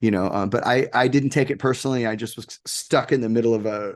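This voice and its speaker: Male guest, casual storyteller, rambling and animated, middle pitch. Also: fast. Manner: animated, rambling anecdotes with laughs and quoted voices. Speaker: interview guest, game maker.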